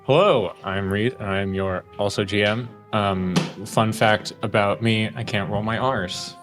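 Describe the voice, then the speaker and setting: A man's voice: on the low side, a little slow, music in the background. A man co-hosting a tabletop game podcast, joking around and swearing casually. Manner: swears casually, jokey and animated. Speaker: game master co-host. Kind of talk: casual chat, podcast intro.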